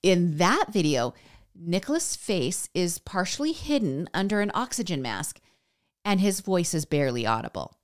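Lively chatty woman podcast host. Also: on the low side, moderate pace. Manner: chatty, addresses listeners directly. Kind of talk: scripted news recap.

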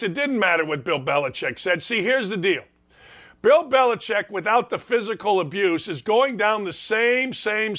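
An older man hosting a sports talk show from his basement, giving a blunt, sarcastic monologue that swings between loud bursts and quick asides. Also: high voice. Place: home basement studio.

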